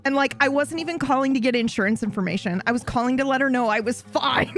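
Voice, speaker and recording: A young woman streamer telling a story to her live chat, animated and swearing freely, often breaking into laughter. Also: high voice, normal speed, faint music behind.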